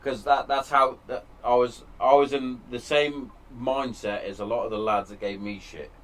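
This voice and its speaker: A man's voice: mid-range voice, steady tone, moderate pace, a bit bright. A man hosting a podcast from his shed, speaking frankly and emotionally about hard times, with plenty of swearing. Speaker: podcast host. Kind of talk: candid casual chat. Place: home shed.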